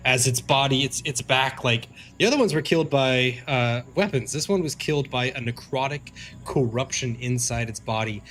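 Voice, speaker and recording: A man's voice: medium pitch, a bit bright. A man narrating as game master of a tabletop game stream, casual and rambling with fillers and restarts.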